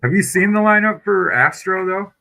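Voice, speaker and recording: A man's voice: high-pitched, moderate pace, creaky, pushed and bright. A man co-hosting a casual podcast, asking easygoing questions and rambling with casual cursing. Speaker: podcast co-host. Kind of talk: casual chat.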